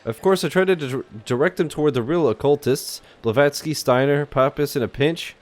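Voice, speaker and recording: A man's voice: on the high side, fairly quick, close to an everyday voice. A man voicing an elderly, mustached male bookseller who speaks courteously in old-fashioned phrases.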